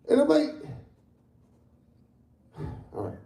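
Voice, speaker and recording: A fifty-year-old man doing stand-up, rambling and cursing freely in a slightly high voice with a mellow, relaxed tone. He is heard from away from the mic in an echoey room. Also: fairly quick, far from the mic. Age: 50s. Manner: profane, rambling, conversational. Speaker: stand-up comedian. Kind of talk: stand-up comedy set.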